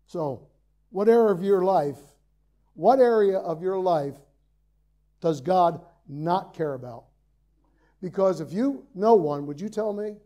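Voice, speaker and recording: High-voiced, mellow preacher at the pulpit. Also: male voice, animated, takes it slowly, pauses often, muffled recording. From Ireland. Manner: rises to loud emphatic peaks, then drops to quiet earnest asides. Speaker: pastor. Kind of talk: sermon. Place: church sanctuary, preaching from the pulpit.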